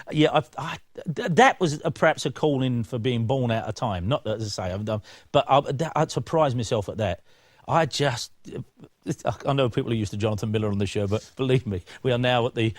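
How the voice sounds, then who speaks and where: Male interview guest, lively storyteller who does the voices, wide pitch swings, dry studio. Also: no room sound. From England. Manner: acts out voices in his stories, lively and chatty. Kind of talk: animated anecdotal storytelling.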